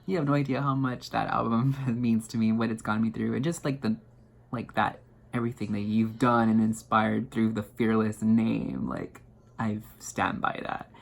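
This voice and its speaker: A young man telling a story to his viewers in an excited, rambling way, full of fillers and restarts. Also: lowish voice, moderate pace, vocal fry. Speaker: vlogger. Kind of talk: casual storytelling to camera.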